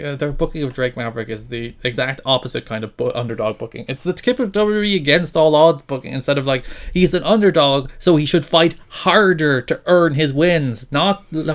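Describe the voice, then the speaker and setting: Exasperated man ranting on a podcast. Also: fairly high pitch. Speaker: podcast co-host. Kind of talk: casual chat.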